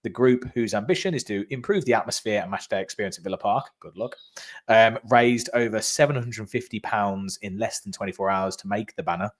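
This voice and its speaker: A man's voice: on the low side, a little fast. A man co-hosting a fan channel, chatting casually about football and reading out club news with frequent laughs.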